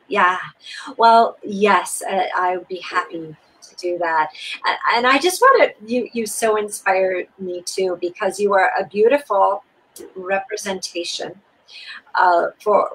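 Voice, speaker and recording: Lively, breathy woman teaching spirituality. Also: medium pitch, low-quality recording. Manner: expressive, soothing and repetitive. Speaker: co-host.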